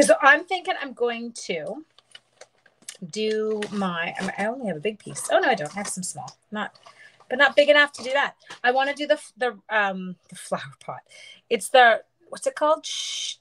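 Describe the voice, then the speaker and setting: A woman's voice: fairly high pitch, a bit bright, poor audio. A middle-aged woman casually demonstrating card making on a live stream, chatting and greeting viewers by name as she works.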